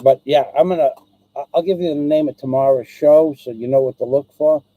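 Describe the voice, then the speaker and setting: High-voiced, ranting man. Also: fairly even intonation, fairly quick, dry recording, phone-quality sound. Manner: angry, rambling, swears constantly, repeats himself. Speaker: live-stream host. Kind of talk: profane ranting live stream.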